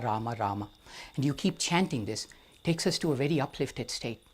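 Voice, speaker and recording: Indian-accented male storyteller, slow and wry. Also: fairly high pitch. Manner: slow and deliberate, with wry humor. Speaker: guest storyteller. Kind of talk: live storytelling to an audience. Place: amphitheater.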